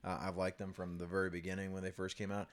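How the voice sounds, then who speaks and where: A man's voice: sits low, monotone, fast. A man in his thirties co-hosting a casual chat about video games, laughing often and talking loosely with many ums and restarts. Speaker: co-host of a gaming video series.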